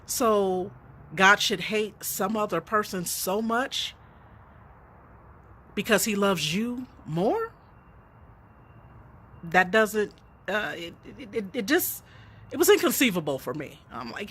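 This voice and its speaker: Bright-voiced woman giving earnest life advice. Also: medium pitch, expressive, unhurried, long pauses, breathy edge. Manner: earnest, preacherly, tells stories with quoted dialogue. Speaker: author and counselor. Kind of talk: unscripted motivational talk.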